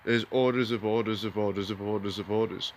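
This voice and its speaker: A laid-back Australian man wanders through his backyard garden, talking into a phone camera in a meandering, spiritual, slangy way. His voice sits a little low, and faint outdoor ambience hangs behind it. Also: fairly even intonation, a little fast, slight background noise. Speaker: hobby gardener vlogger. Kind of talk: rambling outdoor vlog.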